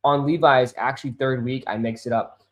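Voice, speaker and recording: A man's voice: mid-range voice, steady tone, fairly quick, highs cut off. Frustrated, swearing man streaming live. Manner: swearing, easily frustrated, calls viewers bro and dude; gets loud and insistent when making a point. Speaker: sneaker livestream host. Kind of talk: casual live-stream chat. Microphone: desk microphone.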